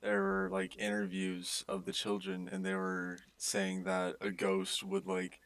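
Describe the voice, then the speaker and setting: A man's voice: deep voice, monotone, a little slow, a bit bright, no room sound. A young man co-hosting a podcast in casual chat, mostly chiming in briefly. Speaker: podcast co-host.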